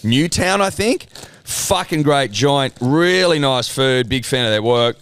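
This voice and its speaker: A man's voice: medium pitch, expressive, measured pace, fairly bright tone, clear, resonant tone, dry recording. An Australian man co-hosting a podcast, joking and swearing through casual banter at a studio mic. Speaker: podcast co-host. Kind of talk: casual chat.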